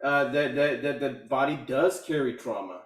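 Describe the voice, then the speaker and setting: Male caller on a video call, halting speech, echoey and off-mic. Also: medium pitch. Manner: halting, many fillers and restarts. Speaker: community call participant. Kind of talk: casual testimonial. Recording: echoey room, far from mic.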